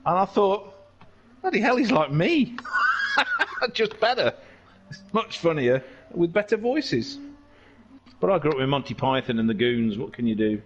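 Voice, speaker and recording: A man's voice: a little high, a little slow, long pauses, muffled recording, slight background noise. A man giving jokey, rambling live commentary on a sim race. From England. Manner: excitable, jokey, tangent-prone.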